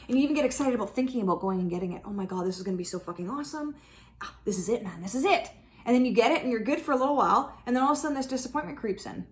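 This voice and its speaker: A woman with a slightly high voice hosts a tarot channel and talks straight to her viewers. Her speech is casual and blunt, with swearing. She keeps slipping into quick little impressions of her own thoughts. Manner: frank, swearing, animated, acts out inner voices. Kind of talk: casual spiritual talk to camera.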